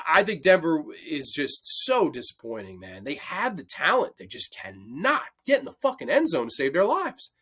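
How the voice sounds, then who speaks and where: This young man's voice sits a little high and swoops wildly in pitch, pushed and bright with a breathy edge; he talks at a moderate pace with few pauses. As host of a football picks show, he gives casual betting commentary. He swears a lot and rants passionately.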